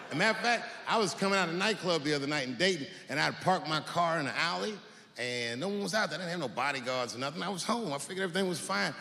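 Gravelly-voiced man doing profane stand-up. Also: fairly high pitch, expressive, bright, forceful tone. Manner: profane, conversational punchlines with long pauses. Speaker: stand-up comedian. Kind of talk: stand-up comedy. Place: stage in a hall with a live audience. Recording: echoey hall with crowd noise.

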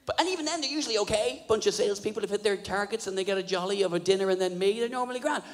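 A man doing a stand-up comedy set, sweary and animated, laughing at his own jokes. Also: sits high, rapid-fire. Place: live comedy venue. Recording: live venue, roomy hall echo, crowd noise.

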